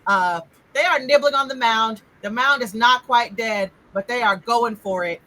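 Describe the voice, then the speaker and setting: Bright-voiced woman running a tabletop game. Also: on the high side, normal speed, low-quality recording. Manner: animated, laughing, teasing. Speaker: game master. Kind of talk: casual tabletop game narration.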